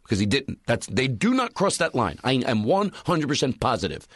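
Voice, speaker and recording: A man in a close-miked podcast chat, recounting comedy club stories with animated energy. He talks plainly, then works up into loud, ranting bits when he acts out his anger. The sound is dry and close. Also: mid-range voice, normal speed, slightly rough, dry recording. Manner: animated storyteller, rants loudly when acting out anger. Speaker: stand-up comedian telling stories.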